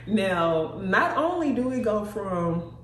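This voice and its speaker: A woman's voice: mid-range voice, slow pace, slight background noise. Young woman vlogger, loose and outspoken, recorded at a distance in an echoey room. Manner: animated, blunt, swears freely. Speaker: TV recap vlogger. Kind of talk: casual TV recap chat.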